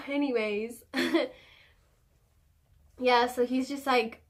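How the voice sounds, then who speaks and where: A woman's voice: high voice, steady tone, very slow. A young adult woman telling a story in casual vlog style, chatty and profane, full of fillers. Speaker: vlogger.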